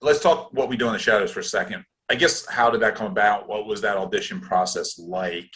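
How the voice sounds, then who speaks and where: A man's voice: lowish voice, a little fast, fairly bright tone. A man hosting an interview, giving short encouraging reactions and asking questions. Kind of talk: casual interview.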